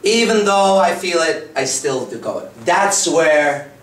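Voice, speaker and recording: A dating coach in his thirties gives a live lecture in a lecture room, his voice on the high side, animated and unhurried. He is blunt, profane and conversational. The recording sounds roomy, as if taken far from the mic.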